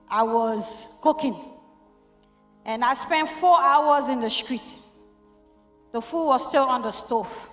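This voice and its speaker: Woman, middle-aged, high voice, emotional church testimony recorded in an echoey hall with soft music. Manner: emotional, storytelling with quoted dialogue. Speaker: church member giving testimony.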